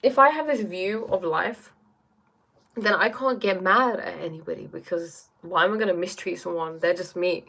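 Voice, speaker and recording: A woman's voice: lowish voice, normal speed, vocal fry, a bit bright. A woman hosting a casual live stream from her bedroom, reading chat aloud and musing reflectively, often checking in with "right?" and "you know?". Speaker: livestream host reading chat.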